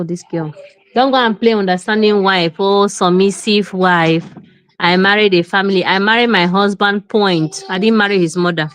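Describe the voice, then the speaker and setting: A woman with a Nigerian accent, hosting an opinionated commentary and lecturing forcefully, mixing in Pidgin and acting out little scenes in quoted voices. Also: mid-range voice. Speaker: show host.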